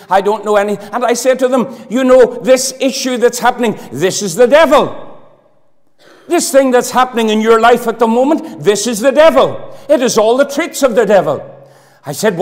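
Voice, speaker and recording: Male preacher, high voice, fervent swings from loud to hushed, long reverb of a church hall. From Northern Ireland. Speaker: pastor. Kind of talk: sermon.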